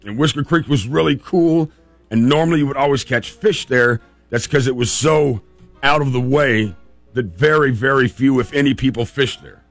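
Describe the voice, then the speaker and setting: A man hosting a talk show, telling a family story in a casual, animated way and laughing often. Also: mid-range voice, moderate pace, dry recording, soft background music. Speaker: radio host telling a story.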